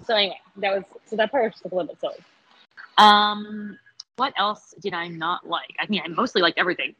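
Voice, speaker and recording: A woman chatting casually about a TV episode, sarcastic and animated, laughing often and acting out quotes. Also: mid-range voice, slightly rough, highs cut off. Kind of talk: casual TV episode review chat.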